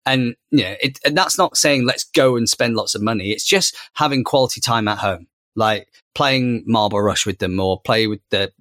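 Rambling dad talking in a dry room. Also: male voice, lowish voice, normal speed, few pauses, a bit bright, dry recording. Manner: rambling, many fillers and restarts. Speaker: podcast co-host. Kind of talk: casual conversation.

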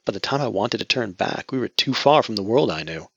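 A man's voice: on the low side, animated, brisk, vocal fry, slightly rough, dry recording, exaggerated voice. A man voicing a grieving young woman who is bitter and defiant, speaking in a raised, tearful voice on a dull lo-fi recording. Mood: anguished. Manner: emotional, raised voice near tears. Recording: dull lo-fi audio.

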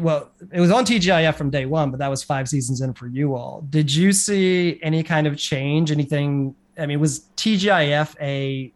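A podcast host asking a guest questions in a relaxed conversational way. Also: mid-range voice. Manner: chatty, asks rambling questions. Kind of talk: casual interview.

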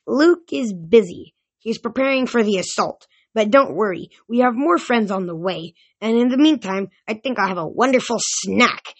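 A woman's voice: fairly high pitch, lively intonation, normal speed. A woman voicing a sly, cruel female demon who taunts smugly, while reading a novel aloud. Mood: gloating. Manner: smug, taunting.

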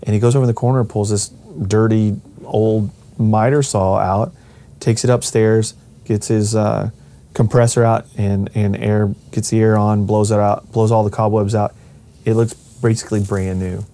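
Mellow-voiced man telling a family story. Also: lowish voice, flat delivery, moderate pace. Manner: acts out quoted voices, rambling with many restarts. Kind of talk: casual personal storytelling.

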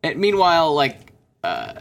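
A man's voice: a little high, huge pitch swings, a little slow, vocal fry, a bit bright. A man hosting a casual movie podcast, rambling and interrupting himself, laughing often. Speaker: podcast host. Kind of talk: casual chat.

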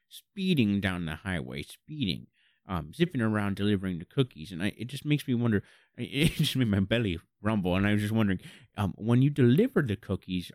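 Male comedy co-host, slightly low voice, deadpan and mock-serious, dry studio sound. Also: no echo. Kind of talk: absurdist comedy radio chat.

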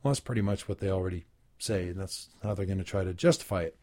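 A man's voice: low-pitched, a little mellow. A man hosting a spoken commentary, reading aloud from an article and breaking off for dry, wry asides of his own. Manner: plain, unhurried, frequent filler ums and uhs. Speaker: host.

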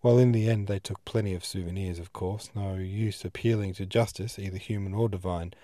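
Elderly pastor with a genial storytelling manner, a man doing him low and mellow. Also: fairly even intonation, fairly quick, no echo, studio quality, close to an everyday voice. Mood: earnest. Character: elderly male pastor telling an old story.

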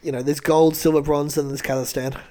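Quick, high-voiced young Australian man. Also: level tone, dark tone. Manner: dry, wry joking. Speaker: podcast co-host. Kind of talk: casual chat.

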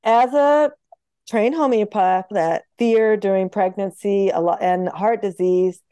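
A woman's voice: medium pitch, clean tone, no echo. A woman guest, a homeopath, telling patient stories in an interview and acting out the voices of the people she quotes. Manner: lively, acts out quoted voices, quick laughs. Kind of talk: animated storytelling in interview.

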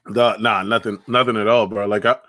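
A man's voice: fairly low pitch, steady tone, brisk, bright, forceful tone, no echo. Laid-back slangy male co-host. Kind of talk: casual chat.

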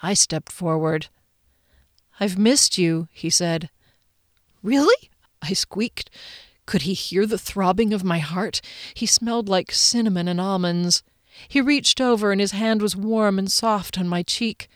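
A woman's voice: unhurried, dry recording, studio quality. Bubbly woman narrating a romance audiobook. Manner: expressive, bubbly, jumps up in pitch. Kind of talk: first-person audiobook narration.

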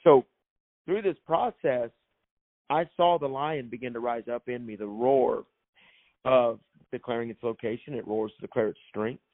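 A man's voice: medium pitch, normal speed. A man speaking as a guest with an emphatic, preacherly delivery, building his points by repeating phrases. His voice sits in an ordinary middle register. The sound is thin and phone-like, with no room echo at all. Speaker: author and minister. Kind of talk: guest telling a faith story in a preaching tone.

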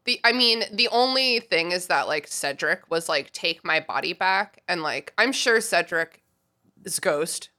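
A woman's voice: lowish voice, lively intonation, takes it slowly, sharp tone. A young adult woman hosting a podcast, chatting casually and laughing often as she acts out voices in her stories. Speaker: podcast host. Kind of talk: casual chat.

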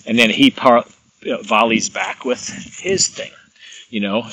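A man's voice: fairly low pitch, slow, pauses often, noisy background. A man who works as a massage therapist, talking in a casual, rambling monologue and illustrating his points with examples and stories.

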